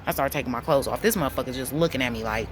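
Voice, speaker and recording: A woman, telling a story to camera in a blunt, profane, animated way. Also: extremely low pitch, rapid-fire, slight background noise. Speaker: vlogger.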